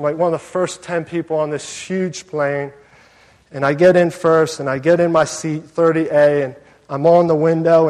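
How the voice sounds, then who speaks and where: A man preaching a sermon as pastor, telling a story with lively acted-out asides and self-mocking humor. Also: fairly high pitch, in a large hall.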